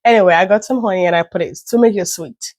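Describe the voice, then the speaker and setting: Speaking fast with a fairly low, darkish voice, a woman from Nigeria vlogs a casual, rambling story from home. Her nose is stuffy, she coughs now and then, and she drifts into self-deprecating, chatty asides. A little hiss or hum sits under the audio.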